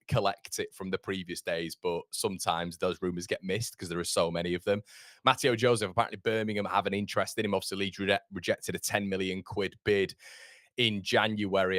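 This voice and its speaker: A man's voice: low voice, fairly bright tone, no room sound, clean studio sound. A young man hosting a live football transfer chat, chatty and cheeky as he reads out viewer comments. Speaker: host.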